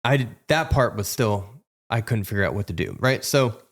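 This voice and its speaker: A man's voice: on the low side, lively intonation, normal speed. Frank man in his thirties. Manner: frank storytelling, acting out quoted dialogue. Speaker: guest sharing a recovery testimony. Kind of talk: candid conversational testimony.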